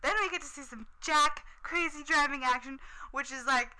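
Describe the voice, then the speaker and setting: Bright, chatty woman recapping a show. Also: sits high, normal speed, rough recording. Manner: chatty and enthusiastic, with frequent "um" and "like". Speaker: TV episode recapper. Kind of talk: casual episode recap.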